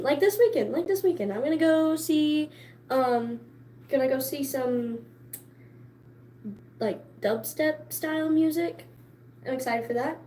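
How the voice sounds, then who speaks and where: A woman vlogger chatting casually to camera, excitable and chatty, laughing often between stories. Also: high voice, slight background noise.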